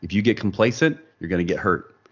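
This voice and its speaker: Deep-voiced man telling a story. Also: fast talker, slightly rough, lo-fi sound. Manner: animated storyteller, acts out quoted dialogue. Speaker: podcast guest. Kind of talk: storytelling in casual interview.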